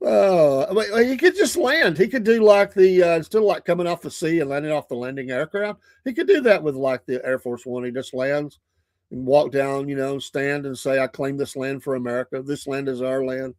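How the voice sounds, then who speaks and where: A man's voice: a little high, animated, normal speed, a little mellow, no room sound. A man hosting a casual morning talk show, rambling through stories and chuckling often into a close mic in a small studio.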